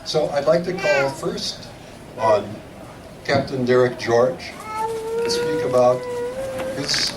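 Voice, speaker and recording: A man officiating a memorial service, introducing speakers in a measured, ceremonial way. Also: mid-range voice, huge pitch swings. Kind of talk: formal introduction. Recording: distant, noisy room.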